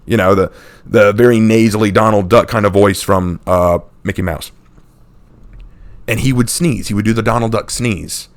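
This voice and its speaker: A man from the United States telling a funny childhood story on his channel and laughing often. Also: on the low side. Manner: acts out people in the story with quick impressions. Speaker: channel host. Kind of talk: casual storytelling.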